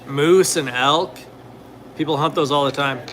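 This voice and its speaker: A young man with a slightly high, fairly bright voice speaks unhurriedly over slight background noise. He keeps things laid-back and rambling, full of fillers, occasionally fielding questions from viewers.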